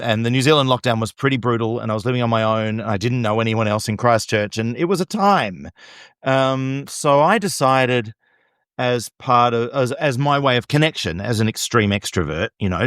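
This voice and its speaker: A man, a musician guest, easing into a relaxed anecdote in casual conversation. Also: lowish voice, clear, resonant tone, no echo, studio quality. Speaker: guest musician, conductor and pianist. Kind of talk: casual chat.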